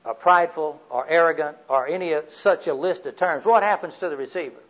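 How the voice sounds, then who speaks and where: An older man preaching a sermon, telling personal stories in a folksy way, swinging from loud to quiet. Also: a little high, brisk, muffled recording.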